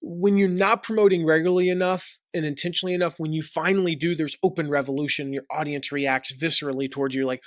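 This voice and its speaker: Energetic man giving business tips. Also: on the high side, dry recording, studio quality. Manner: energetic, jokey, mimics people with quick repetitions. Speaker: online business coach. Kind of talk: direct-to-camera tips video.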